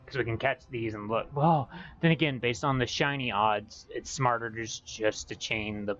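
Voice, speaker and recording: Rambling man streaming a game. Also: moderate pace. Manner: rambling, excitable, with bursts of high-pitched yelling. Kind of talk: casual live-stream chat. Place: home. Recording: dull lo-fi stream audio with faint music.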